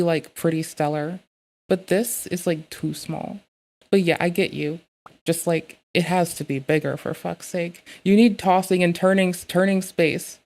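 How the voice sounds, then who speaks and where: A woman streaming live, chatting casually with heavy swearing and bursting into loud, excitable rants. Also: on the low side, gravelly.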